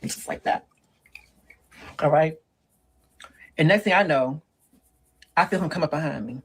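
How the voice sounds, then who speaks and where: A performer doing Big Deborah, a sassy husky woman. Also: medium pitch, unhurried, a bit bright, low-quality recording. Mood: sassy lecturing. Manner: preachy, sassy, calls listener girl and honey. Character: sassy middle-aged woman giving dating advice. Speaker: relationship advice monologue. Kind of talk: comedic character monologue.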